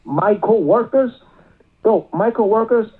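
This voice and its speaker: A man's voice: sits high, a little slow, breathy edge. A male caller, rambling with many filler words, heard over a phone line. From Miami area.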